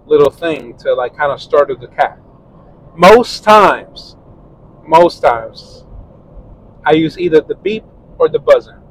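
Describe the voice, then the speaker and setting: A man's voice: a little high, a little hiss or hum, low-quality recording. A man hosting a casual podcast monologue, telling a story in a rambling, profane way. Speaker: podcast host.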